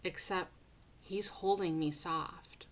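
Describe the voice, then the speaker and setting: A woman reads a novel aloud in a fairly low voice at an unhurried, deliberate pace. Her delivery is dramatic, and she sometimes sinks into a hushed whisper. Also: fairly even intonation. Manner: dramatic, breaking into hushed whispers at tense moments. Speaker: audiobook reader. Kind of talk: first-person novel reading aloud.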